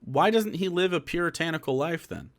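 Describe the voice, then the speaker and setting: Young man, streamer, reaction commentary, profane, lively pitch. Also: fairly quick. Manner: animated, profane, laughing asides.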